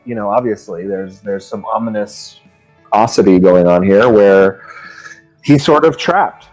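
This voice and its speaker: A man's voice: lowish voice, a little slow, a little mellow, faint music behind. A man co-hosting a casual book podcast, musing over the plot in a hesitant way full of restarts. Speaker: podcast co-host.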